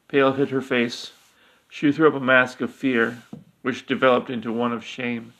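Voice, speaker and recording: A man narrating a fantasy story aloud in a steady, even manner. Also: mid-range voice, normal speed, creaky.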